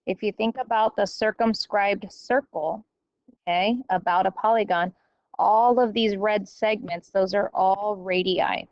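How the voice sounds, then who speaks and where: A woman teacher explaining a math lesson step by step, often pausing to check with "okay?". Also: mid-range voice, steady tone, a little mellow, no echo, muffled recording. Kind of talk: recorded classroom lecture.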